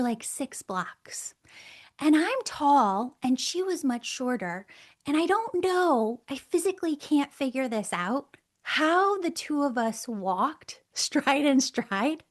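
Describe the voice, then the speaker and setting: A middle-aged woman, a guest on the show, telling a personal story in a lively way, laughing often and acting out the voices she quotes. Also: high-pitched. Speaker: guest, angel communicator.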